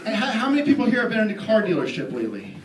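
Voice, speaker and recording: A man doing character stand-up as an indignant ranting loudmouth, with many restarts. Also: high voice, huge pitch swings, very fast, very noisy. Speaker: stand-up comedian. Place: live comedy venue. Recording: echoey live club recording from far off, crowd laughing.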